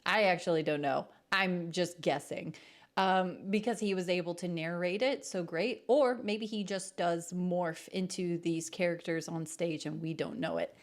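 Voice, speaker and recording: A woman's voice: fairly low pitch, unhurried. A woman hosting a musical theatre reaction video, chatting in a bubbly, friendly way and laughing easily. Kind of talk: casual reaction commentary.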